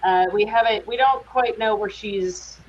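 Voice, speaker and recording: A woman's voice: medium pitch, a little slow. A woman guest actress chatting in an interview, using plenty of fillers and restarts. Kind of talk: casual interview chat. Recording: dull lo-fi audio with faint hiss.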